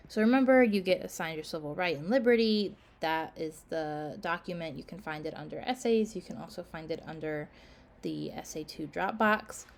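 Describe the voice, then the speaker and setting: A woman instructor giving a class casual course announcements, full of "um" and "like", tired and yawning. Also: fairly low pitch. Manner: casual, filler-heavy, frequent "um" and "like". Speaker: college instructor.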